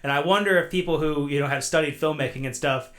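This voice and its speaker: A man guesting on a movie podcast, talking his thoughts through with plenty of fillers. His voice sits a little high for a man. The delivery is relaxed and rambling. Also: fast. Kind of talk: casual movie podcast chat.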